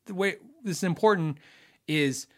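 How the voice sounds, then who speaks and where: A middle-aged man hosting a live guitar podcast in a loose, chatty way, joking and laughing as he goes. His voice sits a bit high for a man, and he drifts into quieter, mumbled asides. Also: normal speed. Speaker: guitar tech and podcast host. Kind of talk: casual live-stream chat.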